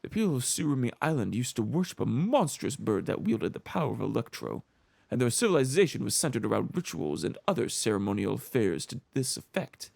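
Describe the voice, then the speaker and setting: A man voicing a measured male scholar who explains things in a formal way. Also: mid-range voice, sing-song, gravelly, a little mellow, no echo, heavily acted. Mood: lecturing.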